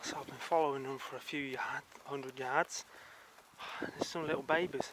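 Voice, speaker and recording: High-voiced jokey man outdoors. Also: fairly even intonation, fairly bright tone, low-quality recording. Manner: jokey, chatty, talks to animals. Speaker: vlogger. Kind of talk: casual vlog commentary while hiking. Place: outdoors in the countryside near a stream and waterfall. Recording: outdoor recording with rushing water noise.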